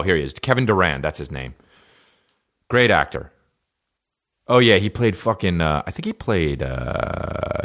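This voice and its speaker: A middle-aged man hosting a podcast, rambling loosely through tangents with lots of swearing and restarts. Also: low voice. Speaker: podcast host. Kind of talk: casual rambling monologue.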